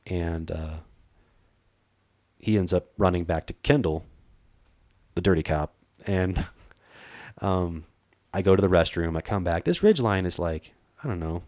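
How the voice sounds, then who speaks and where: Deep-voiced man telling a wild story. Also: unhurried, long pauses, no echo. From Arizona. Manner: animated, acts out quoted dialogue, frequent fillers. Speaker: treasure hunter guest. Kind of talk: casual storytelling.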